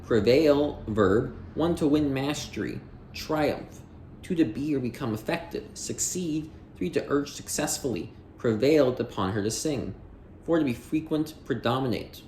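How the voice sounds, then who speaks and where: A man's voice: mid-range voice, lively intonation, a little slow, a little mellow, reverberant, slight background noise. A man hosting a dictionary audiobook, chatting in a rambling, jokey way with self-interruptions, then reading entries aloud.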